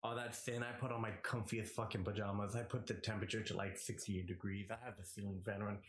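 A man's voice: on the low side, fast, slight background noise. Young man swearing through a story. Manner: profane, animated, voices the people in his story. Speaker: podcast co-host. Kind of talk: casual storytelling chat. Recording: roomy echo.

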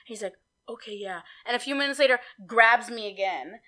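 A young woman co-hosting a podcast, telling a dating story in casual, profane chat and mimicking her date in a low mumble. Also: a little fast, sharp tone. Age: young adult. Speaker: podcast co-host.

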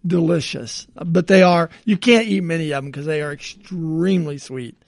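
A man with a high, gravelly voice co-hosts a podcast and tells rambling everyday stories with frequent chuckles. His sound is close and dry, with no room around it. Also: normal speed, dry recording. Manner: rambling storyteller, chuckles often. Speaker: podcast co-host. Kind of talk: casual podcast chat.

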